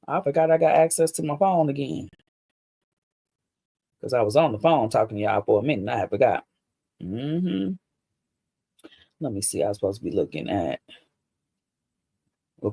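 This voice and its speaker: A woman's voice: a bass voice, warm tone, no echo, studio quality. A middle-aged woman chatting casually on a livestream, telling stories about raising her son in a blunt, profane, laughing way. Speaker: livestream host.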